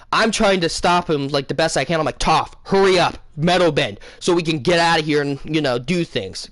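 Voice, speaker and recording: A young man casually retelling a dream to his viewers, rambling and excitable, with many fillers and self-corrections. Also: a little high, no room sound. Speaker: gaming channel host. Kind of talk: casual storytelling to camera.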